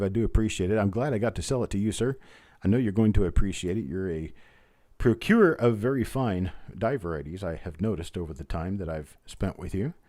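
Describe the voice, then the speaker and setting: With a fairly low, dark-toned voice, this host of a live online coin auction calls bids again and again and keeps up friendly chatter with the bidders.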